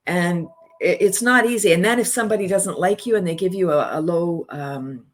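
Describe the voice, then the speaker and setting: A woman's voice: fairly low pitch, moderate pace. A woman guest on a podcast, speaking with passion and enthusiasm and using many "like" fillers. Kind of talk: casual interview chat.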